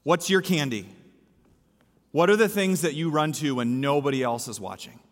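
A man's voice: fairly high pitch, expressive, normal speed. A male pastor giving a sermon in a church, preaching with emphasis and repeating his key lines. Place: church sanctuary. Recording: echoey hall with long reverb.

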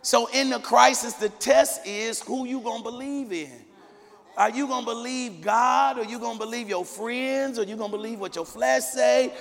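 A man's voice: very high voice, moderate pace, a bit bright, big-room sound. A man preaching a sermon to his congregation in a church, fervent and conversational with call-and-response. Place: church sanctuary.

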